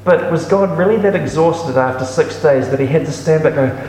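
A man's voice: on the high side, fairly quick, darkish tone, slight background noise. A man reading Bible passages aloud and explaining them in a reflective teaching manner. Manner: reads scripture aloud then explains it, reflective. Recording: echoey room with long reverb.

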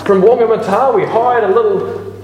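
A man's voice: high-pitched, normal speed, darkish tone, pitched above the performer's own voice, close to an everyday voice. A man playing a bubbly chatty young friend. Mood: gushing. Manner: bubbly, rambling, gushing. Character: chatty young male friend, cheerfully oversharing. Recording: echoey hall from a distance.

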